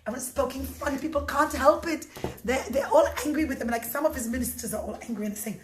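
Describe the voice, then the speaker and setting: A high-pitched woman narrating a story for children, expressive and lively, stopping often to talk to the kids. Her voice rings in an echoey room with a faint noise behind. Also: fast talker. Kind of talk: animated storytelling.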